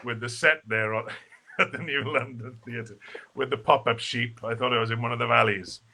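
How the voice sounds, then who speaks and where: A man's voice: medium pitch, steady tone, normal speed, creaky, pushed and bright. A man, a stage actor guest in a casual live video interview, who talks in a chatty, rambling way full of fillers and restarts. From Wales.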